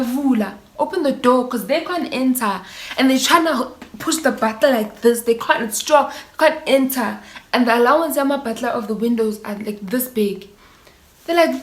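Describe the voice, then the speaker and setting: A young woman with a South African accent tells a story in a loose, animated way, slipping Zulu words into her English. Her voice sits a little high. The sound has the echo of a bare room. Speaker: vlogger. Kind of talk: casual storytime. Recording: echoey room.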